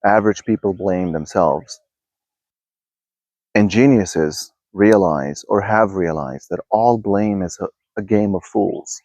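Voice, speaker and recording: A man's voice: deep voice, slow, darkish tone, no room sound. A man hosting a self-help video, talking casually and rambling in a backyard, often restarting his sentences. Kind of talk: casual spoken musing to camera. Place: outdoors in a backyard.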